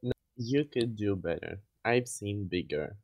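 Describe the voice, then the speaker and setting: A woman guest on a livestream, chatting casually with quiet, hesitant replies. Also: a bass voice, animated, measured pace, no echo. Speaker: guest on stream. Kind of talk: casual chat.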